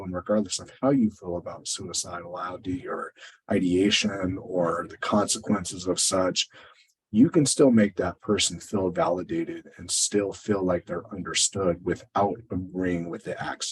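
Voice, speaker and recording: A man presenting a training webinar, talking conversationally and often checking in with a quick question to his listeners. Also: low voice, a little mellow, husky, rough recording. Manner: conversational, tag questions, fillers; acts out quoted exchanges.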